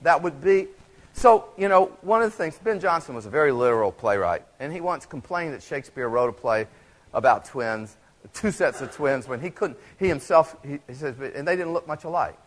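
A man speaking to a live audience from a stage, leading a playful theater demonstration in a chatty, animated way with many restarts. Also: fairly high pitch, moderate pace. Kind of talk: lively lecture with audience volunteers.

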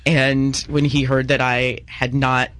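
A woman's voice: a bass voice, flat delivery, fairly bright tone. A woman co-hosting a show in casual banter, playful and teasing. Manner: playful, teasing, quick to laugh. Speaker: co-host.

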